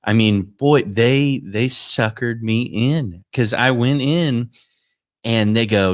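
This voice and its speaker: A man's voice: mid-range voice, slow. A man from Florida, a comedian chatting casually to viewers from his home studio, rambling and poking fun at himself. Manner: rambling, chatty, self-mocking. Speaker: stand-up comedian.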